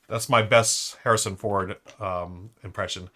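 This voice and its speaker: A man's voice: lowish voice, slow, bright, forceful tone. A man hosting a live-stream trivia board game, chatting upbeat and thinking aloud to his viewers.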